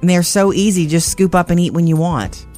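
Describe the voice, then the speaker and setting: A woman's voice: lowish voice, a little fast, darkish tone, soft background music. A woman co-hosting morning radio, chatty and upbeat in friendly banter. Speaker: radio co-host.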